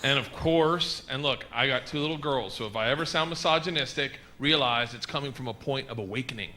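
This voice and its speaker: A man performing a stand-up comedy set on stage, telling stories loudly and animatedly, with shouted bits. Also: medium pitch, fairly quick, a crowd in the background, noisy background. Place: comedy stage before a live audience. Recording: live club recording with audible audience.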